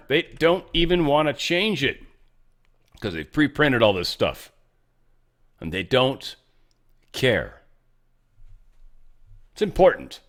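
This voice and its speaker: A man's voice: mid-range voice, a bit bright. Blunt opinionated man commentating. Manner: blunt, opinionated, reads posts and poll figures aloud. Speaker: political commentary host. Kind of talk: casual political commentary.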